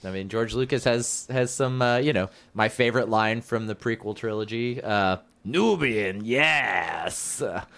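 A man's voice: medium pitch, fairly even intonation, moderate pace, hardly any pauses, smooth. A man hosting a podcast in casual chat, chatty and joking, with rambling asides. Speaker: podcast host.

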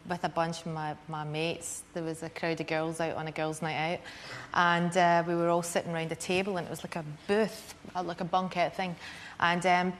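A Scottish woman from Scotland, a talk show guest, telling a casual anecdote with many fillers. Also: lowish voice. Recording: faint noise, TV clip.

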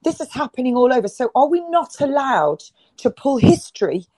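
A woman's voice: high-pitched, sing-song, a little fast, dark tone, no room sound, low-quality recording. Emphatic woman, dry sound. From United Kingdom. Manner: emphatic, many restarts and repetitions. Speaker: guest. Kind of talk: impassioned interview talk.

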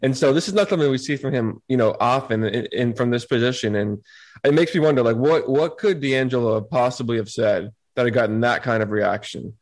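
A man co-hosting a casual sports talk show, thinking aloud in a measured, conversational way. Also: medium pitch, rough recording. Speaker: podcast co-host.

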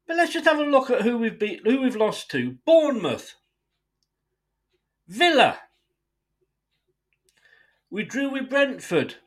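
Addressing his club's owners head-on, a football podcast host launches into an indignant solo rant full of swearing. The voice is high-pitched and a bit bright, and the recording is of low quality.

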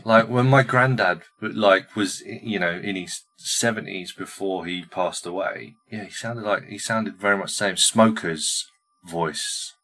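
Hesitant low-voiced man, podcast chat. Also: a little slow, pushed and bright. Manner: hesitant, with frequent restarts and "um"s. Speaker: podcast co-host giving his reactions.

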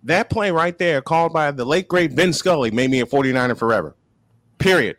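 A man from Chicago hosting a casual sports chat, animated and quick to laugh. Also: fairly high pitch, background noise. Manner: lively, animated, laughs often. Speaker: host.

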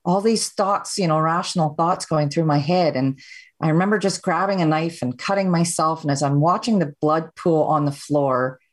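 A Canadian woman speaks as a podcast guest, telling her own story in a plain, steady, candid way. Her voice sits deep for a woman. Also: moderate pace. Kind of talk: personal storytelling.

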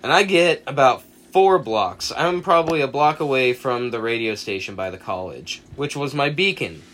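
With a mid-range voice at a moderate pace, a young guy co-hosting a podcast relates a long, animated anecdote. Casual and profane, he voices the quoted lines himself.

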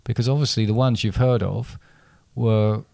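A man's voice: on the low side, steady tone, normal speed, creaky, dark tone, dry recording, studio quality. A man hosting a casual podcast, rambling and correcting himself as he explains. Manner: rambling, self-correcting, chatty. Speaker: podcast host.

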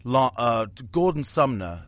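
A man's voice: mid-range voice, very animated, a little slow. A man from Canada, chatting casually as a podcast co-host, joking and swearing as he goes. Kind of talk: casual chat.

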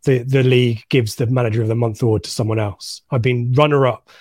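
A man co-hosts a casual live stream, reading viewer comments aloud with lots of ums and restarts. His voice sits at an ordinary pitch. The sound is dry and close. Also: fairly even intonation, fast talker, a little mellow, no room sound. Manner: rambling, many ums, reads names aloud. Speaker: co-host of a live fan stream.

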